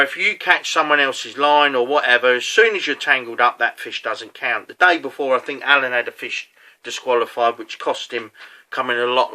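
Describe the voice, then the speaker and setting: A man's voice: medium pitch, sharp tone. A man, a competitive angler, recounting a match in a chatty, casual way, full of fillers and asides. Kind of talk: casual storytelling.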